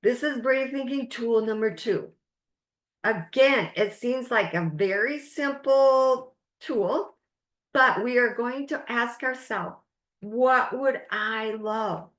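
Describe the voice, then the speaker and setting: A woman life coach leading a webinar masterclass, speaking in slow, emphatic, drawn-out phrases. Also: a little high, a bit bright, roomy sound.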